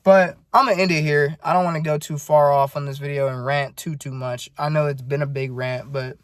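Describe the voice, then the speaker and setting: A man's voice: fairly high pitch, steady tone, a little fast, no room sound. Profane, earnest nineteen-year-old man. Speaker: vlogger. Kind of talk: casual video diary rant.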